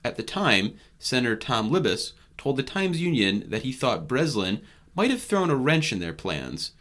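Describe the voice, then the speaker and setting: A man hosting a news podcast, reading his scripted narration in a measured, even way. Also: medium pitch. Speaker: podcast host and reporter.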